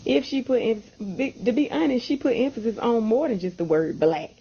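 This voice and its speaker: A woman's voice: on the high side, expressive, moderate pace, dark tone, breathy edge. A woman scolding in a casual video rant, exasperated and blunt. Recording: dull lo-fi audio.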